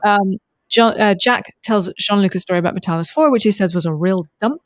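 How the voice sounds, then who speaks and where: A woman with a medium-pitched voice co-hosts a podcast, talking a little fast in a casual recap chat. She rambles with many ums. The recording is clean studio sound with no room sound.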